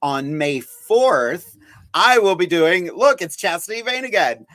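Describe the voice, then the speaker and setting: Campy drag host, bright and upbeat. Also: male voice, high-pitched, animated, measured pace, dry recording. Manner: bubbly, promo-heavy, campy banter. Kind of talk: live-stream chat show hosting.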